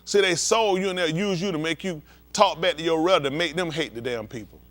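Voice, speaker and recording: Fiery, profane high-voiced male preacher. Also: a little fast, a bit bright. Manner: blunt, profane and heated, acting out scenes with volunteers. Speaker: pastor.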